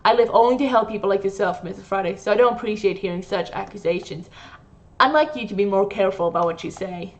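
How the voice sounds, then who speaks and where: A woman's voice: medium pitch, fast talker, natural voice. A woman reads a pompous male doctor who is curt, greedy and impatient. He talks down to everyone, his voice sitting in a plain middle range. The lo-fi mic dulls it. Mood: condescending.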